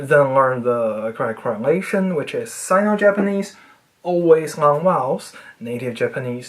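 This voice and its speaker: A speaker with a voice at a mid pitch explains language in a casual, self-made video lesson. The delivery is playful and nerdy. It jumps up high on points of emphasis and drops off quietly at the tails of phrases. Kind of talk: casual educational monologue.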